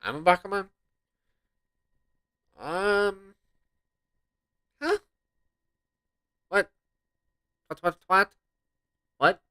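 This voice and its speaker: A man's voice: sits high, extremely slow, long pauses, sharp tone, smooth. A man, a gaming YouTuber, reading game dialogue aloud and voicing every character.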